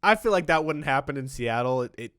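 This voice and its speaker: Young man, podcast host, casual chat, relaxed storytelling, dry sound. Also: medium pitch, fairly quick, smooth, no room sound.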